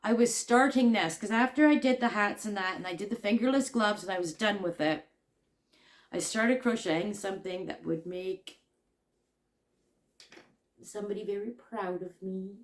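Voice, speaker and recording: A woman's voice: medium pitch, moderate pace, long pauses. A woman crochet vlogger chatting casually, rambling and joking at her own expense. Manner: rambling, chatty, self-deprecating.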